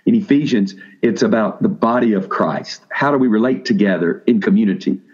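In lo-fi audio, a man with a lowish, darkish voice and a breathy edge preaches to seminary students at a slightly fast clip. The pastor keeps it casual, often restarting and questioning the room.

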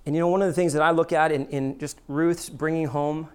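A pastor delivers a sermon in a lively, expressive way. Quoted voices come out higher and animated, and the earnest appeals turn soft and low. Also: brisk, smooth.

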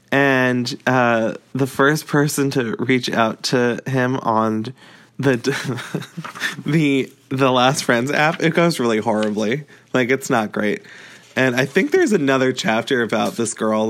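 A man's voice: medium pitch, a bit bright. A man talking casually about a book he is reading, rambling with lots of fillers and short laughs. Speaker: book reviewer.

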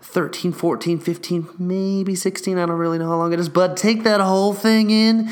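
Young male vlogger, loose casual chat, swears freely, loud bursts then hushed asides. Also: a little high, moderate pace, hardly any pauses. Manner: profane, excitable, jumps between loud and hushed; acts out whispered store dialogue.

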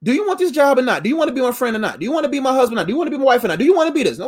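Animated man preaching with lively pitch. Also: rapid-fire. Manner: animated, repetitive, playful, calls audience fam. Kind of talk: casual motivational sermon.

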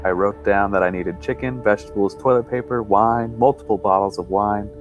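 A man reading a first-person horror story aloud in a measured, suspenseful way. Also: fairly low pitch, fairly even intonation, faint music behind. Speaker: podcast storyteller.

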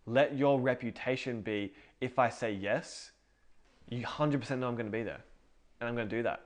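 A man's voice: mid-range voice, normal speed. A man co-hosting a casual faith podcast, rambling and correcting himself as he tells stories. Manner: rambling, self-correcting, storytelling. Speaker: podcast co-host.

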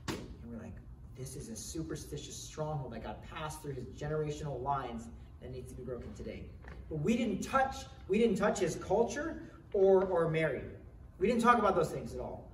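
A man's voice: fairly high pitch, lively intonation, normal speed, a little hiss or hum. A man preaching a sermon in an earnest, conversational way, often restarting his sentences. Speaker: pastor. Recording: roomy echo, voice from some distance, faint ambience.

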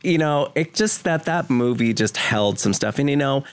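A man's voice: medium pitch, lively intonation, normal speed, clean tone, dry recording. A man from Vermont, a guest in a podcast interview, talking earnestly and emotionally with rambling restarts. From Vermont, USA. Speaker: guest, home video producer. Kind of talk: conversational interview.

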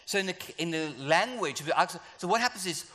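A South African man preaching a sermon in an animated, playful way, acting out voices. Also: high-pitched, brisk. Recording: echoey hall.

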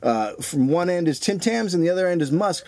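A man's voice: high-pitched, lively intonation, fairly quick, a little mellow, dry recording. A man co-hosting a comedy podcast, trading crude, mocking jokes in casual banter. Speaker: podcast co-host.

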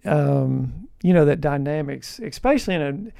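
A man's voice: on the high side, expressive, measured pace, gravelly, warm tone, clear, resonant tone, no room sound, studio quality. A man co-hosting a leadership podcast, reflective and hesitant, often restarting and trailing off his thoughts. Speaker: podcast co-host.

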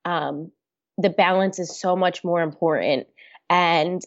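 A woman's voice: on the low side, fairly even intonation, slow pace, no room sound. Woman guest, candid and earnest, fillers and restarts, dry lo-fi sound. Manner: open, earnest, talks with many restarts and fillers. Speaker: podcast guest. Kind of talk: candid conversational interview.

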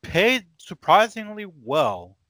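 Laid-back man with a bright, dry voice. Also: high voice, sing-song, slow pace, no echo. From Aruba. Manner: laid-back, hesitant, many fillers. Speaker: podcast guest. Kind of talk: casual podcast chat.

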